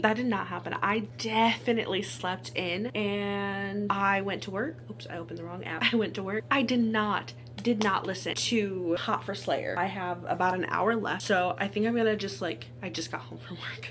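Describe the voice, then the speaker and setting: Young woman, casual vlog chat, giggly, rambling, medium pitch, faint background noise. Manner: giggly and rambling, many "like"s, drops to a whisper at times. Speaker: booktube vlogger.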